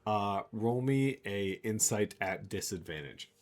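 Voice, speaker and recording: A man narrating a tabletop game as game master, lively and slipping into character voices. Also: on the low side, unhurried. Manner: animated, jumps into character voices.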